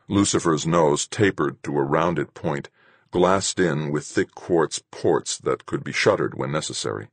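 A man with an extremely deep, husky voice narrates a first-person story. His delivery is measured and even. The recording is close and dry, with no room sound. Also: no room sound. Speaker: audiobook narrator.

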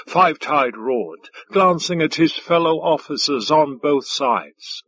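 A man reading science-fiction narration in a measured, deliberate manner on a close studio mic. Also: on the high side, animated, a bit bright, husky, lo-fi sound. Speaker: audiobook narrator. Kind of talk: scripted narration.

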